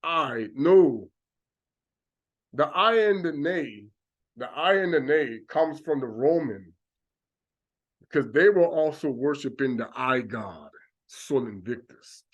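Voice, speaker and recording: A man's voice: medium pitch, animated, slow, long pauses, highs cut off. A man giving an informal sermon as a religious teacher, acting out mocking voices of doubters.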